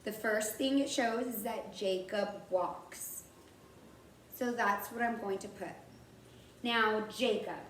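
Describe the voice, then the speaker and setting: Slow, patient kindergarten teacher, woman. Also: medium pitch, slight background noise. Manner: slow and patient, sounding out words carefully. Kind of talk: recorded writing lesson for young children. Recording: roomy, from far off the mic, faint background ambience.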